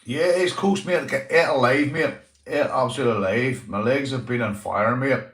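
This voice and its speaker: A man's voice: mid-range voice, moderate pace, fairly bright tone, reverberant. A young man with a Northern Irish accent, hosting a casual livestream, greeting viewers and swearing freely, calling everyone mate. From Northern Ireland. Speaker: livestream host.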